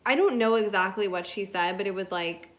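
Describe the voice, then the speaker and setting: A woman's voice: mid-range voice, fairly quick, fairly bright tone. Chatty woman rambling through a story. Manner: rambling, chatty, heavy use of "like". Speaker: podcast host. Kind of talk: casual solo storytelling.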